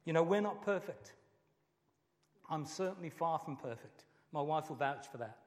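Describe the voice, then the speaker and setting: Middle-aged male pastor, fairly high voice, heartfelt sermon with repetition, long church reverb. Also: animated, moderate pace, darkish tone. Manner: earnest, emotional preaching with repeated phrases.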